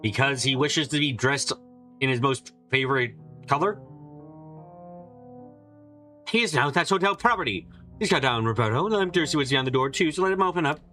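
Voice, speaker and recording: A man playing a mystery game, reading the characters' lines aloud and giving several of them higher put-on voices. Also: animated, fast talker, sharp tone, soft background music. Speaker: let's play streamer.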